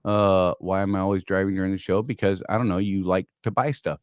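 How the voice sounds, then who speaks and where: A deep-voiced man in his fifties hosts a casual podcast live-stream, talking fast with fairly even intonation. He jokes, rambles, and teases himself, heard on a dry recording.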